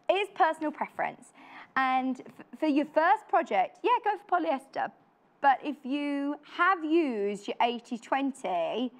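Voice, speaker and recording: A woman presenting a live TV shopping demonstration in a studio, chatty and upbeat, often putting questions to the viewer. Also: high-pitched.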